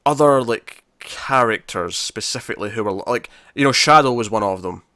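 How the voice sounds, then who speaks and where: A man's voice: lowish voice, moderate pace, bright, forceful tone, no room sound. Guy co-hosting a comics podcast, rambly, laughs a lot, dead dry close mic. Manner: rambling, lots of likes and laughs. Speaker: podcast co-host. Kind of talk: casual chat.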